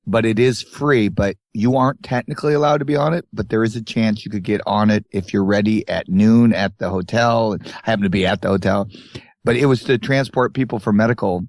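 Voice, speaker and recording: A man's voice: lowish voice, brisk, darkish tone, no echo. Dry, close-miked man telling stories. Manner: rambling anecdotes with acted-out quotes. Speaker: podcast co-host. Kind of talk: casual storytelling chat. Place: tour bus.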